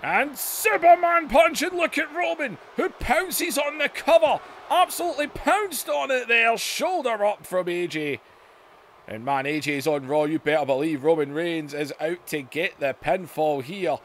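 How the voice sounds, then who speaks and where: High-voiced man calling game wrestling. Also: measured pace, a little hiss or hum. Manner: excitable, bursts into shouts. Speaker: YouTube gaming host. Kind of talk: excited wrestling play-by-play over a video game.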